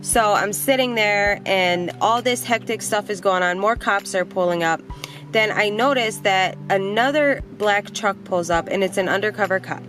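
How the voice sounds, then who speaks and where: A young woman tells a story from her own life on her vlog, in a voice of middling pitch. She talks plainly and bluntly and swears without a second thought. Faint music plays behind her. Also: normal speed. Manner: animated, blunt, swears freely. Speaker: vlogger.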